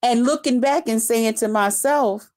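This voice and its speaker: Slow, profane woman chatting on a livestream. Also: fairly high pitch, a little mellow. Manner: laughs often while greeting viewers. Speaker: livestream host reading her chat. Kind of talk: casual unscripted live chat.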